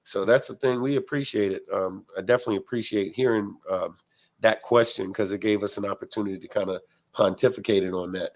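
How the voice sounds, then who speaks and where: A man's voice: lowish voice, fairly even intonation, fast talker. A man from the United States hosting a biker livestream, chatting casually and reading viewer comments in a laid-back, slang-heavy way.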